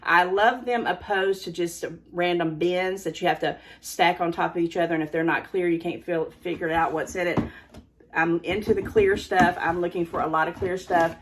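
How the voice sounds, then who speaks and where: A woman's voice: fairly low pitch, fairly even intonation, normal speed, slight background noise. An older woman, a grandmother, chatting casually on camera at home about her thrift finds, laughing often and stopping to handle the items. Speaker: thrift haul vlogger. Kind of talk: casual haul video chat.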